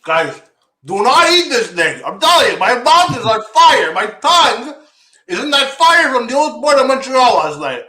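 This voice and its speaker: A man's voice: very high-pitched, big pitch swings, moderate pace, sharp tone, roomy sound. A man hosting a livestream show, teary from spicy food, exclaiming, swearing and groaning as he talks to viewers. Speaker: host.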